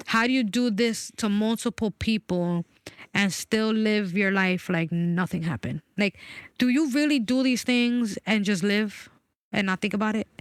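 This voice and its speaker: A woman's voice: mid-range voice, a little slow, smooth, no room sound, clean studio sound. A woman in her forties talking candidly and emphatically about a personal experience, swearing freely. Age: 40s. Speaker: guest.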